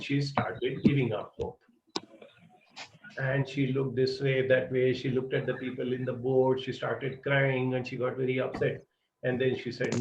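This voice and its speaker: A man giving students advice, telling an animated story full of "uh" and "you know". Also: medium pitch, vocal fry, slight background noise. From India. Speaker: psychology mentor. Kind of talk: advisory talk with storytelling. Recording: roomy, distant, dull lo-fi sound.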